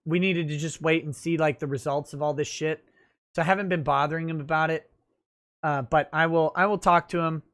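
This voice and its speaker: Reading out viewer messages on his casual livestream show, this host mixes in crude jokes and keeps repeating words. The man's voice is a little high and a bit bright.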